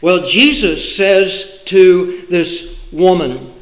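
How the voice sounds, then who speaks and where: A man preaching a sermon from the pulpit in a slow, deliberate way, pausing for emphasis. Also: high voice, animated, reverberant, poor audio. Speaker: pastor. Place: church sanctuary.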